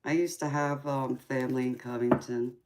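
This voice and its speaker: A woman in her forties with a Southern Georgia drawl, reading tarot on a live chat. She talks to viewers in an affectionate way, calls them sweetheart and pauses on ums. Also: extremely low pitch, steady tone, noisy background. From California. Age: 40s.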